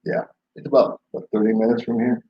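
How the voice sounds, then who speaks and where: A man's voice: lowish voice, flat delivery, brisk. A man hosting a casual late-night live stream from home, rambling and joking between chuckles. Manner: rambling, chuckling, jokey storytelling. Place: home in the Philippines. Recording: echoey room, dull lo-fi sound.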